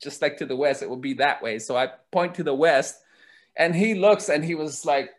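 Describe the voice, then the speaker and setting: A man telling a story as an interview guest, lively and laughing as he goes. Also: fairly high pitch, normal speed. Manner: lively, laughs while telling, acts out quoted voices. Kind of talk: animated storytelling.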